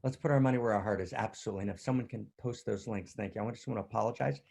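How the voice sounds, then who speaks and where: Earnest, tired male spiritual teacher with a gravelly voice; repeats himself and keeps checking in with his audience. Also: lowish voice, rapid-fire, darkish tone. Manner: earnest, repetitive, often asks "right?". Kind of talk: livestreamed spiritual talk.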